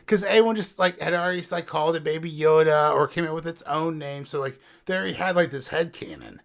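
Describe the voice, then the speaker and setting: A man co-hosting a casual podcast chat about a TV show, animated and jokey, often trailing off low. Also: fast, vocal fry. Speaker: podcast co-host.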